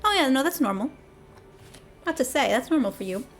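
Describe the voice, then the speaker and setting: Chatty, high-voiced young woman streamer. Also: lively intonation, brisk, soft background music. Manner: chatty, laughs easily, reads game dialogue aloud in character. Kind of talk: casual live gameplay chat.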